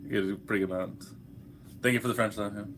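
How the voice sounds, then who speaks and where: A man's voice: on the low side, steady tone, quick pace, a bit bright, slight background noise. A young man hosting a casual livestream, hungover, reading chat questions aloud and answering in a laid-back, profane way.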